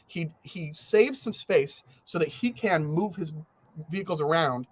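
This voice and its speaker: A man hosting a podcast, telling a story in casual chat, animated, laughing through it and swearing freely. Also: a little high, measured pace. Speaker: podcast host.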